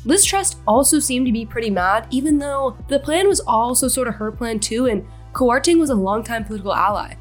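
A woman's voice: on the high side, expressive, brisk, few pauses, breathy edge, faint music behind. Breezy woman news correspondent. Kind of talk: scripted explainer narration.

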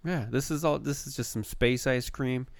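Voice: mid-range voice, moderate pace, vocal fry, no room sound. A podcast co-host chatting casually from a basement, laid-back with dry humor. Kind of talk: casual chat.

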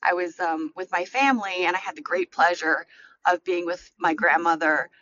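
A woman's voice: lowish voice, normal speed, bright, forceful tone, highs cut off. An American woman hosting a podcast while driving, talking earnestly and reflectively with many fillers, near tears. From United States. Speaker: podcast host. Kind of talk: casual solo podcast monologue.

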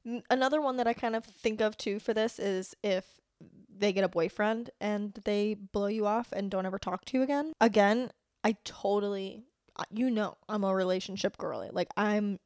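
A woman's voice: medium pitch, darkish tone, dry recording. Brief: young woman podcast host, casual solo rant, blunt and profane, dry close mic. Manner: blunt, profane, lots of "like" fillers.

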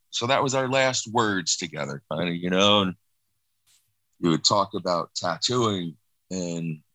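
Low-voiced man recounting a loss. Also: dry recording, rough recording. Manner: halting, restarts, soft and reflective. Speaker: guest sharing personal loss. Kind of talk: emotional personal account.

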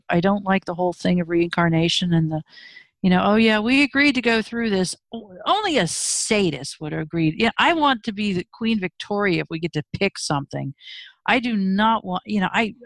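A woman's voice: fairly low pitch, dry recording. Frank, wry woman telling a personal story. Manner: emotional, frank, with wry humor. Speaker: interview guest.

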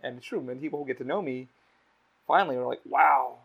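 Talking fast at a medium pitch, this young male podcast host rambles through stories and swears a lot. It's casual podcast chatter captured in dull, lo-fi sound.

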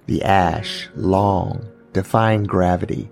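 A man narrating a true crime family story as a podcast host, unhurried and pausing, now and then voicing the people in it. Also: deep voice, fairly even intonation, gravelly, a little mellow.

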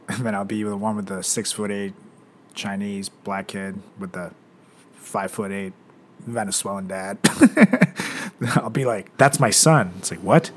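A man's voice: on the low side, a little hiss or hum. A man who performs comedy, co-hosting a podcast in a loose, rambling way with frequent laughter. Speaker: comedian co-host. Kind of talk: casual comedic chat.

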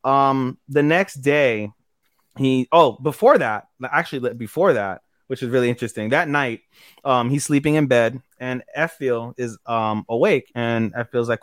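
A man's voice: medium pitch, a bit bright, smooth, no room sound, studio quality. A young man casually recapping an anime episode on a podcast, rambling and swearing, briefly acting out the characters' lines. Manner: rambling, profane, acts out character lines in quick voices. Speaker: podcast co-host.

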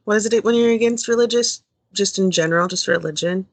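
A woman's voice: mid-range voice, fast, no room sound. A woman co-hosting a podcast in casual chat, searching for words and making emphatic points.

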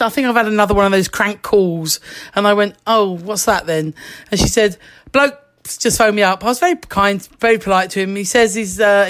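A middle-aged woman telling a lively anecdote as a guest, laughing often and acting out the voices she quotes. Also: medium pitch. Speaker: actress, guest. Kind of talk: anecdotal chat, storytelling.

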